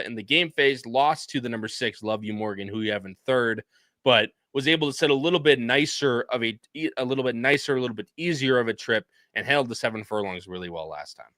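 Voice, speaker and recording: A man's voice: medium pitch, sharp tone, no echo. A man hosting a casual horse-racing podcast chat, talking loosely with restarts and friendly banter. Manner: loose, rambling, with restarts and laughs. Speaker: podcast host.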